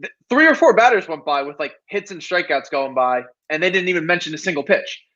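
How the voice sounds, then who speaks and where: Sarcastic high-voiced man on a muffled line. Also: expressive, brisk, bright, forceful tone. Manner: sarcastic, exasperated, rhetorical questions. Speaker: podcast co-host. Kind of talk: casual sports podcast chat.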